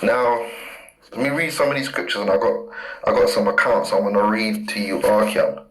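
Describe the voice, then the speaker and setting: A man preaching fiercely from scripture, hammering points with repetition and reading verses slowly. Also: on the low side. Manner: emphatic, repeats key words, reads verses slowly. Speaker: street preacher. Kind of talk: fiery scripture teaching. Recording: roomy echo.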